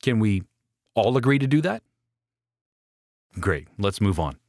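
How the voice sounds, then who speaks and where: A man's voice: fairly low pitch, very animated, unhurried, a little mellow, no echo, clean studio sound. A man reading his own book aloud as an audiobook, persuasive and speaking straight to the listener. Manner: persuasive, addresses the listener directly. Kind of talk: audiobook narration.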